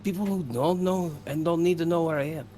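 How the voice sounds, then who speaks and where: A man's voice: a little high, a little fast, dark tone, close to an everyday voice. A man voicing a secretive male adventurer who lectures others defensively. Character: secretive, touchy male adventurer hiding his voice.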